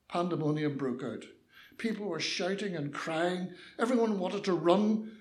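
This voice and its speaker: A man's voice: high voice, expressive, moderate pace, echoey room. An older Northern Irish man telling a personal story with mischievous liveliness, acting out the voices.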